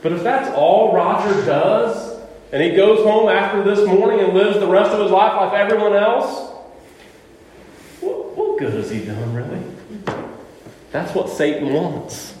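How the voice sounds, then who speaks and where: High-voiced impassioned preacher man, echoey hall. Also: expressive, measured pace, a little mellow. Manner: impassioned, addresses congregation members directly. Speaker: pastor. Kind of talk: sermon. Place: church sanctuary. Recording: echoey hall with long reverb.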